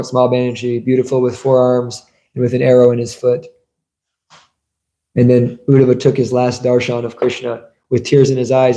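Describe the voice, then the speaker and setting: Stories and rhetorical questions fill this man's sermon-style scripture class, held in a temple hall where the room echoes. He has a warm, medium-pitched voice.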